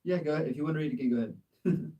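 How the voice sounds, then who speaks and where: A man's voice: on the high side, racing, dark tone, far from the mic, lo-fi sound. An American man giving a casual live English lesson, patiently correcting a learner's pronunciation with encouragement and frequent laughs. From United States. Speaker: English tutor. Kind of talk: live language exchange lesson.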